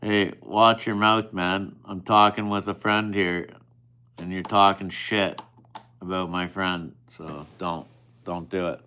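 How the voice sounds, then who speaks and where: A man's voice: sits low, fairly even intonation, takes it slowly, bright, forceful tone, smooth. A man chatting casually with viewers on a live stream, teasing and swearing at them in an offhand way.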